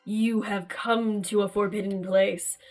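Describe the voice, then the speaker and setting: A woman voicing a menacing male emissary from a dark realm, speaking in slow, ominous, drawn-out threats. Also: mid-range voice, fairly even intonation, faint music behind, voice pushed down, close to an everyday voice.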